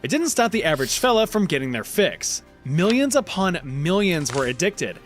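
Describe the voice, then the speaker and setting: A man's voice: sits high, sing-song, moderate pace, soft background music. A man narrating a history video in a scripted, wry, jokey storytelling manner.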